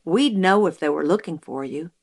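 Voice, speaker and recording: A woman's voice: low voice, lively intonation, moderate pace, vocal fry, heavily acted. A woman doing an earnest, serious boy. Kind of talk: audiobook character reading.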